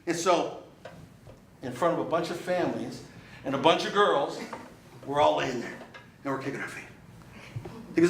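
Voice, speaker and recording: A man's voice: a little high, lively intonation, moderate pace, pauses often, fairly bright tone, slight background noise. Male club speaker, punchy storyteller, echoey room from far off. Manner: punchy and emphatic with repeated phrases. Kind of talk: motivational speech with storytelling. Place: meeting room.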